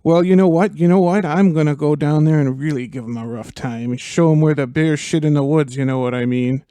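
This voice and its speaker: A man's voice: on the high side, a little fast, warm tone, smooth, no echo, natural voice. A man voicing a fed-up, folksy warrior king in a comic radio drama, grumbling and blustering.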